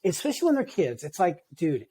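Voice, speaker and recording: Surf coach, fifties, easygoing man; high-pitched, warm and relaxed. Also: fairly quick, husky. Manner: laid-back, easygoing surfer talk. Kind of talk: casual podcast chat.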